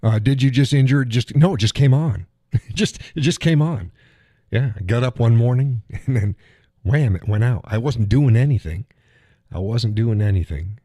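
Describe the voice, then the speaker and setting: A man of medium pitch with a warm tone and lively intonation talks at normal speed in a dry, clean studio recording. Recovering from a leg injury, he rambles through a live stream chat, reading viewer comments and swearing and chuckling through his stories.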